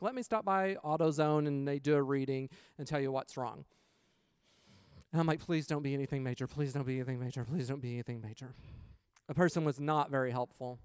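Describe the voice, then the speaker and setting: A man with a slightly higher than usual voice tells a personal story in a chatty, casual way. His tone is smooth and resonant, and the recording is close and dry. He acts out the back-and-forth of conversations as he goes. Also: no room sound. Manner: chatty, retells scenes with quoted dialogue, faith-based reflection.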